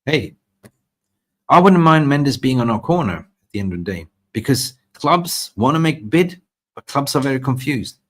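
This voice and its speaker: Man, live football show host, excitable, rambling, repeats words. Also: medium pitch, normal speed. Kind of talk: live football transfer chat.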